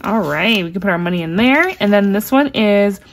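A woman vlogger unboxing a package in casual chat, gushing with excitement and reading cards aloud slowly. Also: mid-range voice.

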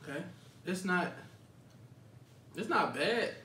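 Guy whining thru a hot noodle challenge, sweaty and teary, high jumpy voice, kinda far from the mic. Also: expressive, takes it slowly, pushed and bright, roomy sound, slight background noise. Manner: complaining, groaning, coughing through the heat. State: sweating and teary from spicy food. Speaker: YouTube vlogger. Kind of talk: casual challenge vlog chat.

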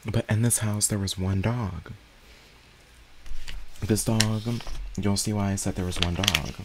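A young man with a very low, deep voice tells a story in a relaxed, casual way while he eats. He talks with food in his mouth and chews between phrases, so the words come out thick and unhurried. There is a faint hint of room ambience behind him. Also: noisy background. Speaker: ASMR eating channel host.

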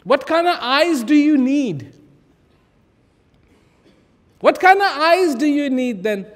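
A man giving a reflective spiritual talk, telling a story with dramatic pauses, repeated phrases and sudden drops to a whisper. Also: very high voice, big pitch swings. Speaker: spiritual speaker. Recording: long reverb of a large hall.

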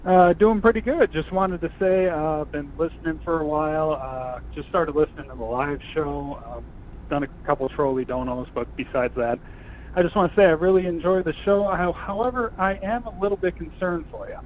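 A man's voice: on the high side, fairly quick. A man calling in to a radio show, easygoing and teasing. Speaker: caller. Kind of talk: call-in conversation. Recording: tinny phone line with faint hiss.

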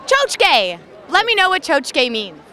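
A woman's voice: high voice, wildly swooping pitch, slow pace, sharp tone, some chatter behind. A woman hosting a playful street interview, teasing passers-by with a word quiz. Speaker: host. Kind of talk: street vox-pop interviewing.

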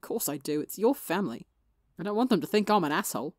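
A woman's voice: fairly low pitch, expressive, quick pace, no room sound, clean studio sound. A woman reading as a brash, cocky teenage boy. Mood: defensive bluster. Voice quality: slightly gravelly. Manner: loud, snappy and defensive.

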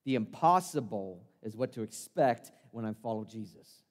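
A man's voice: lowish voice, expressive, moderate pace, close to an everyday voice. A man performing a first-person monologue as the disciple Peter, an impulsive, earnest fisherman, telling his story in a conversational, self-deprecating way in a church sanctuary. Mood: gripping. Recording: long reverb of a church hall.

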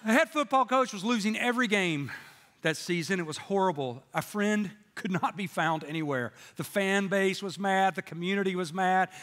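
High-voiced man preaching a sermon. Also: normal speed, a bit bright, long reverb tail. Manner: folksy storytelling with jokes and acted-out voices. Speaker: pastor. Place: church sanctuary with congregation.

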